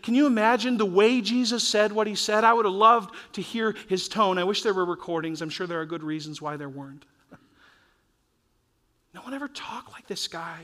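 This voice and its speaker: A man preaching a sermon as pastor, earnest and urging, his voice rising and falling in loudness from point to point. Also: fairly high pitch, moderate pace.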